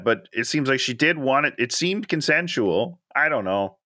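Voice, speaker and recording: Male co-host, bright and lively, hesitant puzzled film talk, dry recording. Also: mid-range voice, moderate pace, few pauses, no echo. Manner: hesitant, puzzled, jokey, repeats "I don't know". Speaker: podcast co-host. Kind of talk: casual film discussion chat.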